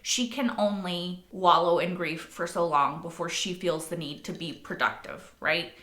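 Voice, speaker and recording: A woman's voice: on the low side, unhurried, fairly bright tone. A young woman hosting a reaction video, talking casually and swearing freely, with a lot of likes and rights. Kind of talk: casual spoken commentary. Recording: echoey room.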